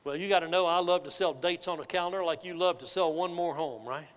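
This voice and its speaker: A man giving a keynote sales speech, telling a folksy, animated story to a live audience. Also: a little high, quick pace, smooth. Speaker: motivational sales speaker. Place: large hall with an audience. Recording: reverberant hall.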